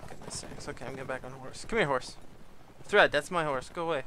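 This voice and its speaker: A man giving casual gameplay commentary, chatting, laughing often and yelling orders at his troops. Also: mid-range voice, fast talker, a little hiss or hum. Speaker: gaming YouTuber.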